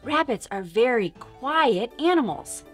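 A young adult woman hosting a toddler learning show, talking in an animated, exaggerated, sing-song way that swings between loud calls and whispers. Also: a little high, a little slow. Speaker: children's show host and teacher. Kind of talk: teaching toddlers first words. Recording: music playing behind.

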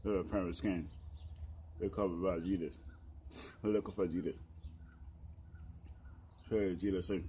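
A man giving a halting, rambling preaching testimony as a self-described preacher, full of fillers and repeated phrases. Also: deep voice, fairly even intonation, mellow, a little hiss or hum. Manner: halting, filler-heavy, repetitive. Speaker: street preacher.

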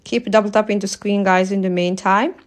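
A woman tutoring over a live stream, talking in friendly, loose English that is not her first language. She chats with her viewers, reads through rules, and keeps checking in with a quick "yeah?" at the end of her sentences. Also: medium pitch, steady tone. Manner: chatty, tags sentences with "yeah?"; apologizes for her accent, non-native English. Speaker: driving theory test tutor. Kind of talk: casual live-stream lesson.

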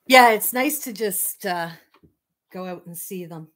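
A woman's voice: medium pitch, unhurried, fairly bright tone, a little hiss or hum. A Canadian woman hosting a fiber arts livestream, chatting casually with viewers in a rambling way and laughing often. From Manitoba, Canada.

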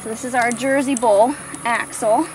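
A woman's voice: a little high, steady tone, moderate pace, background noise. A woman giving a casual tour of her farm outdoors, chatting and cooing baby talk at her animals while out of breath from walking in the heat.

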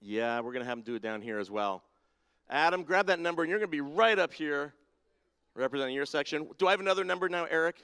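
A fast-talking, animated man with a slightly high voice, sharp yet smooth in tone, leads a playful segment that gets the audience involved. He teases people and calls them down by name in a big church sanctuary with a balcony and spotlights, and the sound has long reverb.

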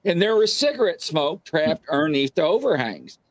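Telling a ghost story in a relaxed way, a middle-aged guest recounts paranormal encounters, animatedly voicing the characters and shouting out quotes. He speaks at normal speed with a fairly high pitch on a dry recording.

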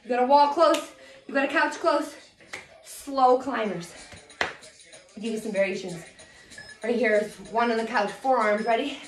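A woman fitness instructor coaching a low-impact cardio workout, energetic and a little out of breath as she counts reps and cheers people on. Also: a little slow, pauses often. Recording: echoey room with music.

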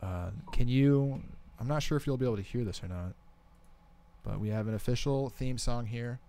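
Pria pembawa podcast yang ragu-ragu. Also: male voice, medium pitch, moderate pace, warm tone. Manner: hesitant, many fillers and restarts. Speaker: podcast host. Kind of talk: casual chat.

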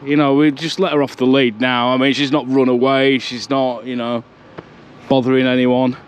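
A man's voice: mid-range voice, flat delivery, normal speed, a little hiss or hum. Guy rambling on a seaside walk, action cam in hand, chatty, laughs easy. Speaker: vlogger. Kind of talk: casual walking vlog. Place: outdoors on a seaside promenade. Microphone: handheld action camera.

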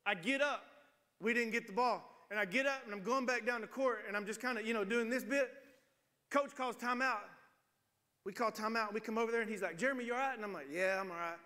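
Bright-voiced pastor in his forties. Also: very high-pitched, quick pace, in a large hall. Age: 40s. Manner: humorous storytelling, acts out voices. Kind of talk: sermon. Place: church sanctuary.

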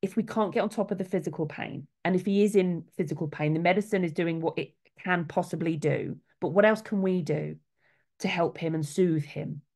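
A woman's voice: fairly low pitch, a little fast, creaky, a little mellow. A middle-aged woman, a soul midwife, talking casually and earnestly, with quoted voices acted out along the way. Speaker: soul midwife, guest speaker.

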